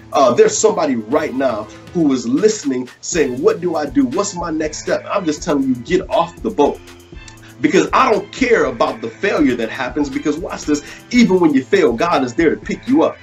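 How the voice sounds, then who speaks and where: A man hosting a live online show who delivers a short sermon, speaking casually with fillers and building into preacherly rhetorical questions. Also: a little high. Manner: preacherly, repetitive rhetorical questions, rising intensity; casual, many fillers and restarts. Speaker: host.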